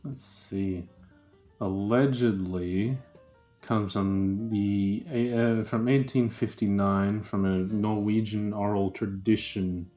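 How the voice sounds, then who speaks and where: A man's voice: fairly low pitch, fairly even intonation, slow, mellow, soft background music. A man co-hosting a podcast, chatting casually with sarcastic, profane jokes. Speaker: podcast co-host. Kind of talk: casual chat.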